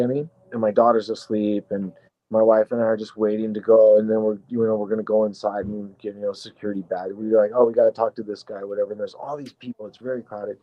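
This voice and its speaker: A man guest telling a rambling story in a casual, excitable way, swearing freely. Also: mid-range voice, no room sound, muffled recording. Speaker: guest actor.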